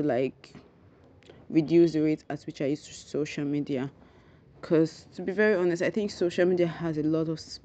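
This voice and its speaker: A woman hosting a solo podcast, rambling and thinking out loud, effusively grateful to her listeners. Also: low voice. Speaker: podcast host. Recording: dull lo-fi recording.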